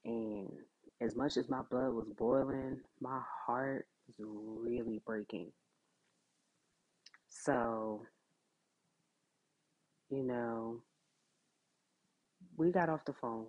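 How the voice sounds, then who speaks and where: A woman with a notably low voice tells a personal story at an unhurried pace, loose and chatty, leaning on "like" and "you know". The recording sounds dull and lo-fi. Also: animated, gravelly, a little mellow. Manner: conversational, many fillers like "like" and "you know". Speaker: podcast host.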